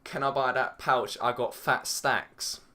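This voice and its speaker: A man's voice: mid-range voice, unhurried, bright, forceful tone. A young man doing a drawling street tough. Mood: pushy.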